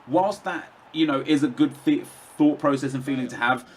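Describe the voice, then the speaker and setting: A man's voice: fairly high pitch, normal speed, slight background noise. A young man rambling through casual commentary over his own gameplay, chatty, with lots of fillers and restarts. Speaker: gaming commentator.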